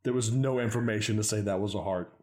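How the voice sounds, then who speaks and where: A man's voice: fairly low pitch, fast, a little mellow. A young man casually recapping a bad movie with sarcastic, swearing commentary. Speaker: podcast host recapping a movie. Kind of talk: casual chat.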